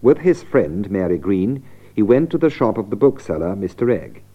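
A man narrating a scripted language lesson, clear and deliberate, restating ideas for emphasis. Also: fairly low pitch, very animated, highs cut off. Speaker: narrator and presenter of an English lesson.

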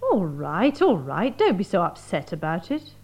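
An actress playing a soothing woman with a husky voice. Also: on the low side, sing-song, normal speed, a little mellow, heavily acted.

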